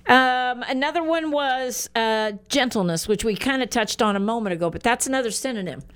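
A woman's voice: a little high, a little fast, fairly bright tone, smooth. An older woman hosting a radio talk show, asking friendly leading questions in casual chat.

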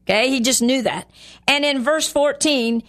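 An earnest woman with a fairly high voice gives a conversational sermon on her show. She speaks warmly and directly to her listeners and slips into character voices when she quotes scripture dialogue. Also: moderate pace. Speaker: Bible teacher hosting a show.

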